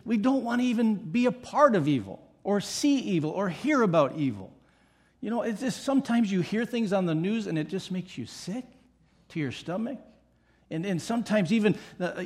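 A man's voice: high-pitched, lively intonation, normal speed, a little mellow, slightly rough. A middle-aged male pastor preaching a sermon with emphatic repetition and playful asides.

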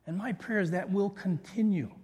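A man's voice: high-pitched, moderate pace, darkish tone, big-room sound. A middle-aged man pastor preaching a sermon, earnest and full of personal stories. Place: church sanctuary.

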